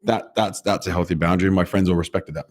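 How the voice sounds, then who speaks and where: A man's voice: deep voice, fairly even intonation, quick pace. A man from the UK co-hosting a podcast in casual, blunt chat, who swears freely and laughs often. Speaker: podcast co-host.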